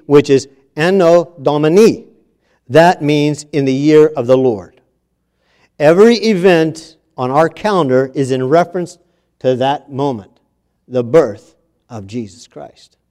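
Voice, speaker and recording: A man preaching a sermon in a church, reading scripture and repeating key phrases with emphasis, moving between hushed and loud passages. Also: a little high.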